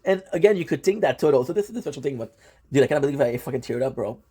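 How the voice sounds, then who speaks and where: A man giving casual, excitable reaction commentary on a manga, swearing often and full of fillers and restarts. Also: medium pitch, very fast, slightly rough. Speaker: manga reviewer.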